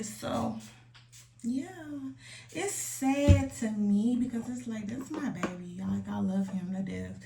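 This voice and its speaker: A young woman talking candidly to her viewers from home in a chatty, slangy way, sometimes dropping to soft asides. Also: medium pitch, gravelly, slight background noise. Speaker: vlogger. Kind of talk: casual confessional chat. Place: home room. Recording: roomy echo, a little distant from the mic.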